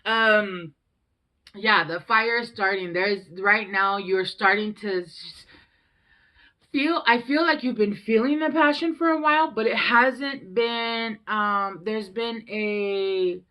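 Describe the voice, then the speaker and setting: A woman's voice: medium pitch, slow pace, sharp tone. A young woman giving a casual tarot reading, rambling and chatty and swearing freely. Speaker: tarot reader.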